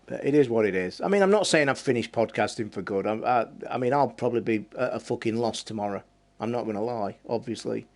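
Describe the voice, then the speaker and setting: A man's voice: mid-range voice, fast talker. A man, a podcast host ranting on a live stream, heated and passionate, swearing and drawing out words for emphasis. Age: 50s.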